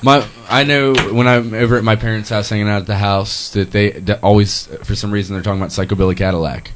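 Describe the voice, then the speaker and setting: A man co-hosting a podcast in casual chat, jokey and halting, stumbling over words. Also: on the low side, steady tone. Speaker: podcast co-host.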